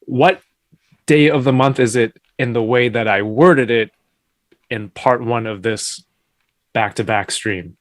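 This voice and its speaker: A man's voice: mid-range voice, a little slow, pauses often, dry recording. A man co-hosting a live stream, joking around in casual chat. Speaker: co-host.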